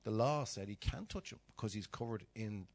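A man's voice: on the low side, a little fast. A middle-aged man preaching a sermon, telling stories with acted-out voices and sudden drops to a whisper. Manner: animated storytelling, acting out voices, dropping to whispers.

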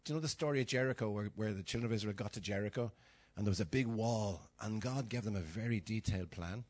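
An older Dublin man with a low, darkish voice talks fast as he preaches an informal sermon in a church hall. He's chatty and self-mocking, telling humorous stories and acting out little dialogues.

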